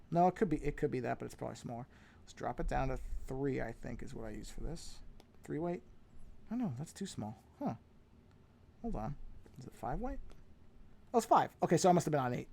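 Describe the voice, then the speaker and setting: A man's voice: mid-range voice, big pitch swings, fairly quick, gravelly, long pauses, a little mellow, a little hiss or hum. A man chatting casually while drawing on a live stream, rambling and self-deprecating as he talks himself through his work on a podcasting microphone.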